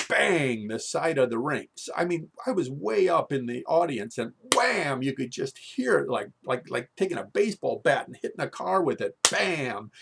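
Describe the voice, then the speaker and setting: A man telling a rambling, animated story with many restarts and fillers. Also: medium pitch, normal speed, vocal fry, hardly any pauses, background noise. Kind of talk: live comic storytelling monologue.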